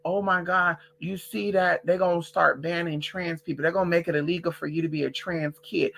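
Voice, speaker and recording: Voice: medium pitch, fairly even intonation, brisk, creaky, hardly any pauses, a bit bright. A vlogger ranting casually to the camera, sassy and profane, who calls listeners girl and honey and hammers phrases by repeating them.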